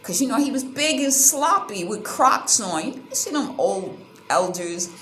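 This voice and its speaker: A woman's voice: on the high side, a little slow, soft background music. Indignant woman vlogger in a roomy space. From United States. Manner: animated, indignant retelling with quoted exchanges. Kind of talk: casual storytelling to camera. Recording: roomy sound with faint ambience.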